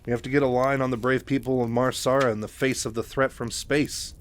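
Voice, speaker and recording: A man's voice: medium pitch, level tone, brisk, a little hiss or hum, natural voice. A man voicing a nonchalant male war reporter with offhand, casual phrasing.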